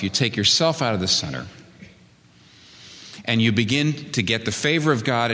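A man preaching a sermon as pastor, his voice leaping up for emphasis and dropping low to make a point. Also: fairly bright tone, in a large hall.

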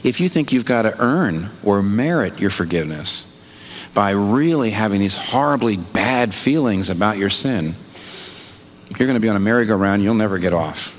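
A man preaching in an expressive voice that swings widely in pitch, from hushed asides to emphatic questions. Long reverb trails his words, with a faint hiss beneath. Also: moderate pace. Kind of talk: sermon.

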